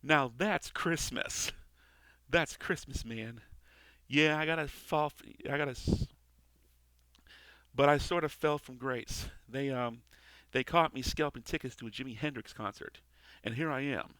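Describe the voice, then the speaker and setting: A man reading a comic part, voicing a brash, sarcastic male guardian angel who breaks into high screams. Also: normal speed, fairly bright tone, dry recording, close to an everyday voice.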